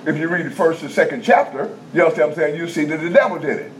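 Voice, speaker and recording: A man preaching a teaching sermon in a conversational style, checking in with the congregation and repeating key points slowly in vernacular speech. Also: a little high. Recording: dull lo-fi sound with faint background noise.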